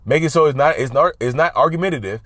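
A man's voice: a little high, fast talker, fairly bright tone, no echo. Emphatic man advising viewers, dry sound. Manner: emphatic, repetitive, often says y'all. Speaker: advice vlogger. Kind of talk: casual talk to camera.

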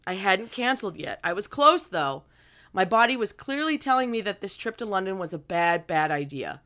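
A woman's voice: medium pitch, very animated, normal speed, bright, forceful tone. A woman co-hosting a podcast, chatting casually and reading listener letters aloud with enthusiasm and frequent laughter. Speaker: podcast co-host.

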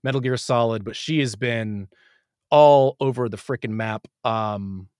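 A man's voice: medium pitch, a little mellow, no room sound. Rambling man, dry close sound. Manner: rambling, halting, many restarts and fillers. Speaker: podcast guest. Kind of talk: casual chat.

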